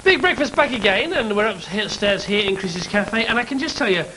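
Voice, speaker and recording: A man's voice: sits high, lively intonation, brisk, pushed and bright, a little hiss or hum, low-quality recording. Jokey man hosting a breakfast show. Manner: jokey, chatty, laughs often. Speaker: host. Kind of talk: breakfast TV banter and phone-in quiz.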